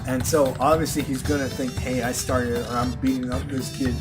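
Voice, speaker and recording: A young man casually telling stories to friends, often laughing and acting out loud exclamations. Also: mid-range voice, flat delivery, fairly quick, music in the background. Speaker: channel host telling stories. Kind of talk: casual storytelling among friends.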